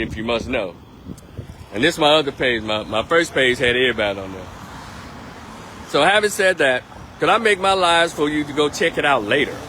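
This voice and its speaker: A man's voice: a little high, bright, forceful tone, slight background noise. A man giving a blunt, emphatic political monologue on a live stream, repeating his points.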